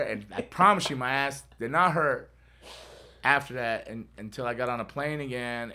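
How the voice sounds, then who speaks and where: A man's voice: mid-range voice, sharp tone. A middle-aged man hosting a podcast, telling a rambling story with laughs and acted-out voices. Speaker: podcast host. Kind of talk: casual storytelling.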